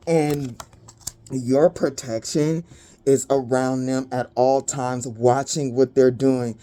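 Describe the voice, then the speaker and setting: A woman giving a spiritual reading to her viewers, dramatic and blunt, swearing freely and pausing to catch her breath. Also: a bass voice, steady tone, dark tone. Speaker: spiritual reader.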